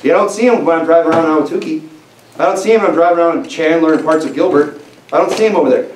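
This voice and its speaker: A man's voice: fairly high pitch, racing. A male pastor preaching a sermon in a church, talking in an emphatic, conversational way with frequent restarts. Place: church sanctuary. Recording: echoey church room, mic at a distance, faint hiss.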